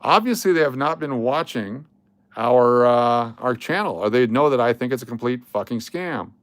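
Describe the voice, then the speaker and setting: Guy running a coin livestream, sarcastic and blunt, middle pitch, dry sound. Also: lively intonation, normal speed, no echo. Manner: blunt, sarcastic, swears casually. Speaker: livestream host. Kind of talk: casual livestream chat.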